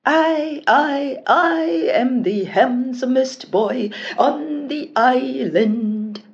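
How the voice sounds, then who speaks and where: A woman voicing a noisy, cheerful teenage prince in a storybook, high, loud and excited. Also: extremely slow, gravelly, lo-fi sound, heavily acted.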